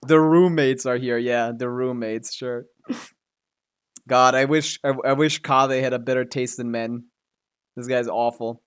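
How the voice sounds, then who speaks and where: Man, game streamer, casual rambling commentary, joking, mid pitch. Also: steady tone, unhurried, clear, resonant tone. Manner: rambling and joking, laughs often.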